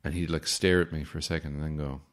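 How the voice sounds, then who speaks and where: A man's voice: extremely low pitch, level tone, fast talker. A man in his late twenties or thirties hosting a podcast, telling casual stories with a wry, sarcastic streak. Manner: wry, sarcastic anecdotes with mock-formal asides. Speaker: podcast host. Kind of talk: casual storytelling monologue.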